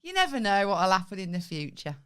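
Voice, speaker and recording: Playful woman with a lively voice. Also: medium pitch, fairly quick, clear, resonant tone. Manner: teasing, giggly, playful. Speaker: podcast co-host. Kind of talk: casual couple's podcast chat.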